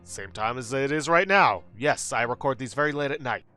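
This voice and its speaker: Bright-voiced man reading game text. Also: medium pitch, lively intonation, fairly quick, soft background music. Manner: reads game text aloud, wry asides. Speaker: let's play host. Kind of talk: game playthrough commentary.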